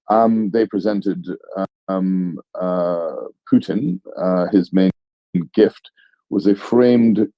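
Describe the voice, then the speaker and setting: A man's voice: deep voice, very slow, dry recording. A man talking casually on a live audio panel, rambling and self-deprecating as he analyzes events. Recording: muffled online audio stream.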